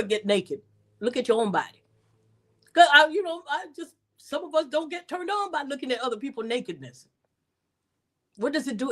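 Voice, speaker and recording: Woman speaker, fairly high voice, animated and preachy, restarts words often. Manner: animated, repeats words, pitch jumps high when exasperated; preacher-like cadence, scripture references. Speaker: speaker and teacher. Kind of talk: reflective talk to an audience.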